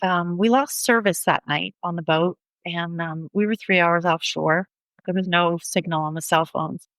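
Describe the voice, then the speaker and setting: A middle-aged woman telling her personal story in an interview, earnest and steady, often acting out the back-and-forth of conversations. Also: on the low side, dry recording, rough recording. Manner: earnest, reenacts dialogue in quick back-and-forth. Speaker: guest, bereaved mother.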